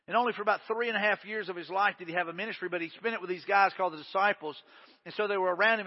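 Folksy man preaching in an echoey hall. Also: sits high. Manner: folksy, conversational preaching with dramatized quotes. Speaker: pastor. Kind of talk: sermon. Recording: dull, echoey hall sound.

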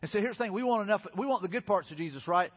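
A male pastor rattles through his sermon at a quick clip, his voice pitched a little high and edged with huskiness. He keeps the tone chatty and informal, and the sound carries a long church-hall reverb through a dull, lo-fi recording. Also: animated. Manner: casual, conversational preaching with lots of "hey, listen" and "you know".

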